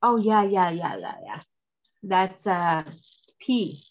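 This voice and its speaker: A woman student reading aloud haltingly over a call. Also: medium pitch. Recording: dull lo-fi call audio.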